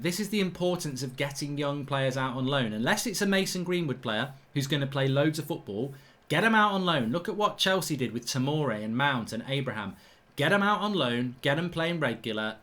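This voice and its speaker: A man's voice: medium pitch, a bit bright. A man hosting a live football watchalong, chatting casually, giving opinions and reading out viewer comments. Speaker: host.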